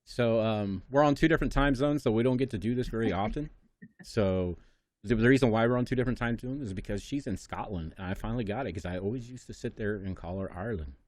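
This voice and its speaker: A man's voice: lowish voice, fast talker, a little mellow, no room sound. A man hosting an interview show, rambling with lots of fillers and laughing easily. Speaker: podcast host. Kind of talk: casual interview chat. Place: studio.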